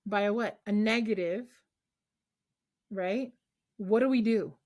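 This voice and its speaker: A woman's voice: mid-range voice, slow, darkish tone. A woman math teacher leading an online class over a video call, coaxing students with call-and-response questions.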